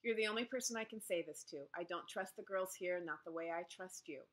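A woman's voice: lowish voice, a little fast, fairly bright tone, close to an everyday voice. Weary teenage schoolgirl, curt and glum, read by a woman. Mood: confiding. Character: weary, unhappy teenage boarding-school girl.

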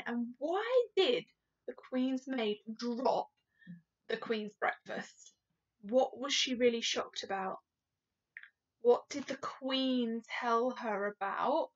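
A woman teacher reading a story aloud to children, pausing to ask the class questions. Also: high-pitched. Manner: slow, lively, asks the class questions. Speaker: primary school teacher. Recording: dull lo-fi recording.

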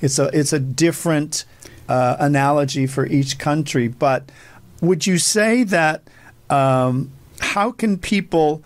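A male host asking calm, reflective interview questions. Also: on the high side, slow, no echo. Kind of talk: interview conversation.

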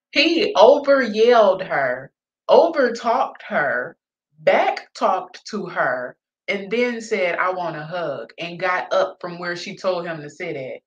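A woman's voice: medium pitch, highs cut off. A woman giving casual reaction commentary on a video, blunt and profane, laughing often.

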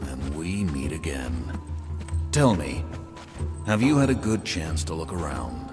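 An actor voicing a gruff, weary male barbarian warrior who talks slowly and sardonically, heard as game audio with music. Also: rumbling low, very animated, heavily acted. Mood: sardonic. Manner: slow, sardonic grumbling.

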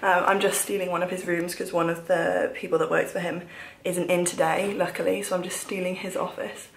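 A woman's voice: fairly low pitch, little pitch movement, brisk, a little hiss or hum. A young woman in her twenties, chatting casually to a handheld camera in a bubbly vlog style. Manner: chatty and bubbly, with sighs of frustration. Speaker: vlogger.

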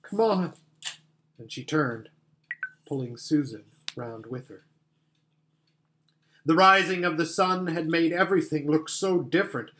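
A man narrating a children's fantasy story as an audiobook reader, with gentle storytelling. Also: fairly high pitch, unhurried, long pauses, a little hiss or hum. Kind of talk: scripted narration.

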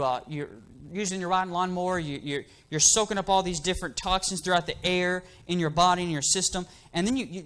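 A man's voice: high-pitched, a bit bright. Man preaching an emphatic sermon. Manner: emphatic, asks the congregation for amens. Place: church.

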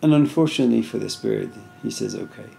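A man's voice: on the low side, fast talker, creaky, warm tone. A man giving an informal philosophy lecture, talking conversationally with many "you know"s and story asides.

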